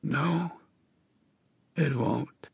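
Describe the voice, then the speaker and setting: A man voicing a sick, dying old woman with a hoarse, wheezing voice and halting speech. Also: fairly high pitch, darkish tone, no room sound, voice pushed up, heavily acted. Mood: weary, rueful. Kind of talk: audiobook character voice.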